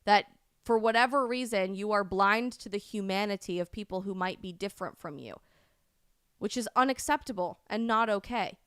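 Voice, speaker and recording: A woman hosting a live stream, delivering impassioned commentary that rises to loud, indignant peaks. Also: medium pitch, moderate pace, clean tone, dry recording, studio quality. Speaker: host of a live stream show.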